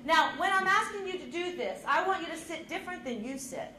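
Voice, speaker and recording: A woman leading a middle-school drama lesson, coaching students with energetic, encouraging instructions. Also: very high voice, brisk, slight background noise. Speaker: drama teacher. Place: school classroom. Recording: echoey classroom with students around.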